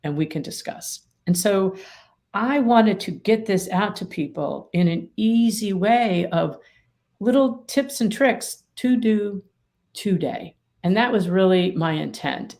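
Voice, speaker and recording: A woman's voice: mid-range voice, gravelly, darkish tone. A middle-aged woman, an attorney mediator and author, explaining her ideas emphatically with vivid everyday examples in an interview. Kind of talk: interview conversation.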